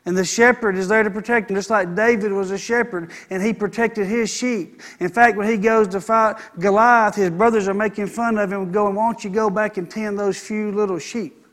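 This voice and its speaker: A man's voice: high voice, steady tone, normal speed, a bit bright. A middle-aged man, preaching a sermon and calling out for an amen. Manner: preaching with call-and-response "Amen". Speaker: pastor.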